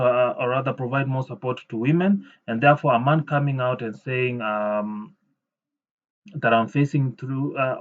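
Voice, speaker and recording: A man giving an indignant reaction commentary, halting often with fillers, on a dull lo-fi recording. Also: medium pitch.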